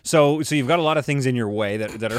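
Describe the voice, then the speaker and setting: A man's voice: mid-range voice, fast talker, no echo. Joking male podcast co-host, dry sound. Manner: jokey mock-expert, repeats words. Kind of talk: comedic casual chat.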